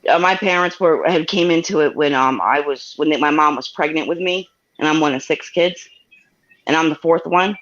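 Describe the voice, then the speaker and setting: A woman's voice: low voice, moderate pace, fairly bright tone. A woman from New York telling a personal story as a guest over a video call, rambling with many restarts and getting choked up. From New York, USA. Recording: dull lo-fi call audio.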